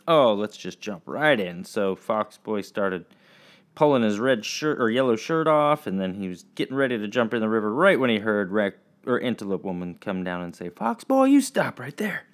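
A man teaching children, telling a story in a chatty, halting way full of fillers. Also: lowish voice, clear, resonant tone.

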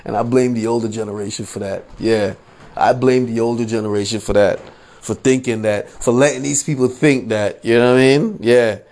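Brisk and fairly even in intonation, a man with a slightly mellow mid-range voice hosts a podcast. He rants casually about politics with plenty of swearing and frequent "you know what I'm saying," mocking quoted voices and laughing at his own points.

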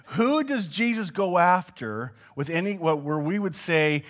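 A Canadian man preaching a sermon, animated and joking, sometimes dropping to a hushed tone. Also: sits high, unhurried. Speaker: pastor.

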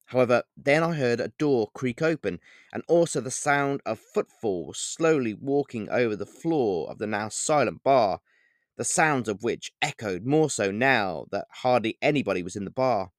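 A man reading his own novel aloud as an audiobook, narrating in the first person at a measured pace and with explanatory asides. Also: mid-range voice, dry recording, clean studio sound. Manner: measured, explanatory storytelling with digressions.

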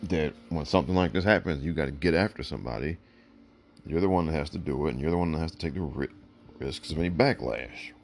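A man's voice: very deep voice, fast, gravelly, darkish tone, a little hiss or hum. A man hosting his own show, giving blunt, emphatic opinions and often repeating "look" to drive points home, while fighting the hiccups. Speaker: podcast host. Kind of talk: opinionated solo commentary.

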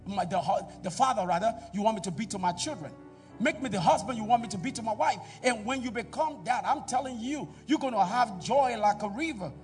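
High-voiced pastor preaching. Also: male voice, lively intonation, fairly quick, far from the mic, faint music behind. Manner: preaching with call-and-response to the congregation; swings between loud exhortation and quiet asides. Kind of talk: sermon. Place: church.

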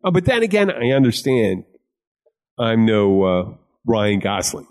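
A man's voice: on the low side, very animated, unhurried, a little mellow. A man from Philadelphia with a Philadelphia accent, hosting a casual chat in a rambling, jokey, profane way. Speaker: host.

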